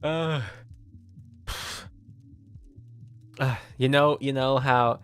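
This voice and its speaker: A male VTuber streamer, not a native English speaker, chats in a very slow, drawn-out way. He giggles and stammers, repeating his words as he goes. Soft music plays faintly behind him. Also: medium pitch, fairly even intonation, clean tone. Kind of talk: casual livestream chat.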